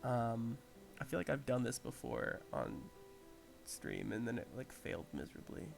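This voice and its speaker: A man hosting a casual livestream, muttering quietly to himself as he concentrates on painting a miniature. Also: medium pitch, very animated, moderate pace, creaky, faint music behind. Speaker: host.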